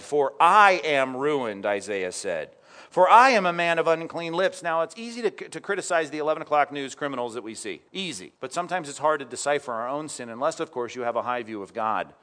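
Animated preaching man, higher voice. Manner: animated, conversational preaching with asides and rhetorical questions. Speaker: pastor. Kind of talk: sermon.

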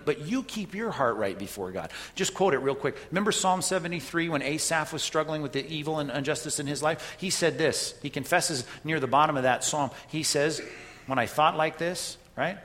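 A man's voice: fairly high pitch, a bit bright, big-room sound. A man preaching a sermon in a conversational way, often checking in with "right?" as he tells a story and makes his point. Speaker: pastor.

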